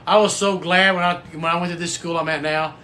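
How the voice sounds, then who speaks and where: A man's voice: a little high, steady tone, fast, sharp tone. A man hosting a casual livestream, folksy and rambling, with the odd cuss word. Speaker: livestream host and football coach.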